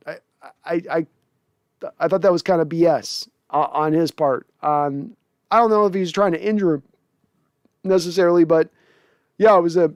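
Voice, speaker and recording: A man's voice: high voice, darkish tone, no echo. A man hosting a casual livestream, reading chat messages aloud, joking, swearing and laughing often. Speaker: podcast host reading live chat.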